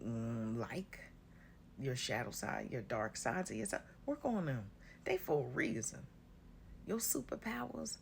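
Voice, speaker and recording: A woman's voice: sits low, gravelly, a little mellow, slight background noise. A woman giving a casual spiritual talk to her viewers, blunt and sassy, swearing freely and calling listeners honey and baby. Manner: drawls terms like honey and baby. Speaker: spiritual content creator.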